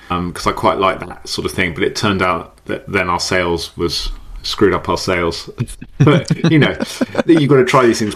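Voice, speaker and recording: Chatty man with a low voice. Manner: chatty and animated, laughs often, frequent restarts. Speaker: podcast guest, entrepreneur. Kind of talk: casual conversational interview.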